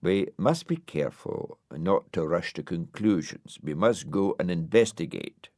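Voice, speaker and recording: A man's voice: low voice, measured pace, a little mellow, no room sound, studio quality. A man voicing a pompous, self-important male dog in a storybook, speaking in a lofty manner.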